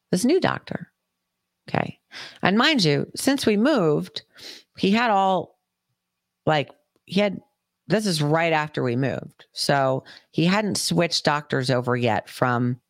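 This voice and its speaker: A woman's voice: low voice, creaky, no echo. Chatty, profane woman with dry sound. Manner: profane, chatty, acts out quoted voices. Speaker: podcast host. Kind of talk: casual storytelling.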